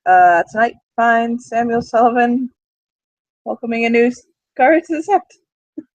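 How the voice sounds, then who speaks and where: A woman leads a tabletop role-play game as game master, pausing often and restarting her sentences. Her voice is dry and close, with a muffled, lo-fi sound from an online call. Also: fairly high pitch, expressive, darkish tone, no room sound. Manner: hesitant, many fillers and restarts.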